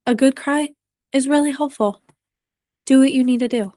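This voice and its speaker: A woman mental performance coach giving a presentation to parents and coaches, earnest and gently encouraging with frequent ums. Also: high-pitched, normal speed, no room sound.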